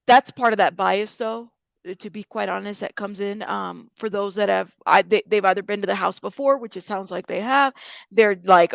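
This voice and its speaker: A woman's voice: mid-range voice, normal speed, creaky, fairly bright tone, no room sound. A woman commentating casually on bodycam footage, talking straight to her viewers. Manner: chatty, addresses viewers directly. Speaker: true crime commentator.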